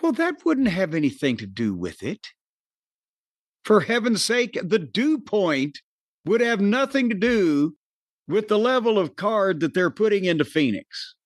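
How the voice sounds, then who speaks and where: A man's voice: sits high, big pitch swings, unhurried, no room sound. A man hosting a podcast, giving profane, opinionated reviews of a wrestling show with dry jokes. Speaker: podcast host. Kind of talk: casual wrestling review chat.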